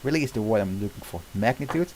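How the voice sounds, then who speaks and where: A low-voiced man reading a film script aloud on stream, tripping over words and restarting often. The delivery is casual and unpolished, with a faint hiss in the background. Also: expressive, quick pace, darkish tone, low-quality recording.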